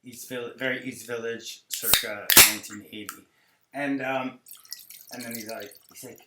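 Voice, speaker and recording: A man hosting a podcast, chatting in a rambling, animated, gossipy way. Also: medium pitch, moderate pace, roomy sound, background noise. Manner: rambling, animated, full of impressions. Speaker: podcast host. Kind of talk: gossipy casual chat.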